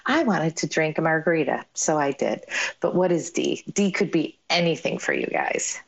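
A middle-aged woman with a low-pitched voice hosts a motivational radio show. She speaks in an upbeat, emphatic way, urging listeners on with warm encouragement. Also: huge pitch swings, normal speed, gravelly, husky, muffled recording.

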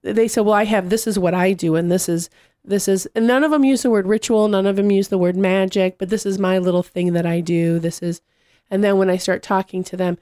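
A woman in casual conversation, telling animated stories and acting out what people said. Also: mid-range voice, fairly quick, no room sound, clean studio sound. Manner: animated storyteller, acts out quotes.

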